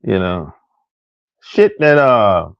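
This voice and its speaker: A man's voice: fairly low pitch, sing-song, extremely slow, gravelly, smooth, no echo, muffled recording. A man ranting casually, profane and repetitive, often laughing at his own stories. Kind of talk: casual rant.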